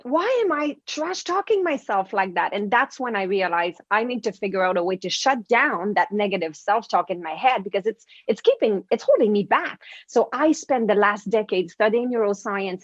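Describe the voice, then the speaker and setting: A woman's voice: medium pitch, dry recording, dull audio. A woman, a confidence coach telling stories on a radio interview and acting out inner voices. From French-speaking. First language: French. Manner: lively storytelling, acts out inner voices. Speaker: guest, confidence coach and author.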